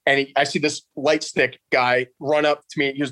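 A young man, telling a story with laughs and shouted quotes of his drill instructors. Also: mid-range voice, level tone, moderate pace, no echo, low-quality recording. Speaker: interview guest. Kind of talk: casual storytelling.

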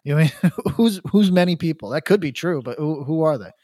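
Man, podcast co-host, slightly higher-pitched voice, rambling casual chat, swears, dry close sound. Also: lively intonation, fast talker, a little mellow, breathy edge, dry recording. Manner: rambling, profane, many restarts.

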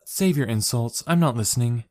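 A man voicing a sharp-tongued young female student with curt, icy retorts. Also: medium pitch, normal speed, natural voice. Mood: cold.

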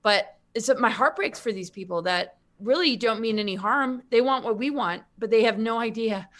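A woman's voice: fairly high pitch, normal speed, fairly bright tone. Rambling woman guest on a spiritual podcast. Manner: rambling, many restarts and filler words. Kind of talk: casual spiritual conversation.

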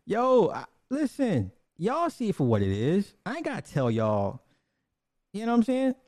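Blunt man ranting casually, dark dry voice. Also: high-pitched, wildly swooping pitch, normal speed, no room sound. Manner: blunt, profane, repetitive, restarts often. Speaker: commentator.

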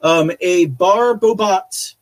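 A man with a fairly high voice hosts a live show and reads out chat messages. He talks casually and rambles, with plenty of fillers and laughter along the way. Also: slow. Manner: chatty, rambling, laughs often, many fillers. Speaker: podcast host.

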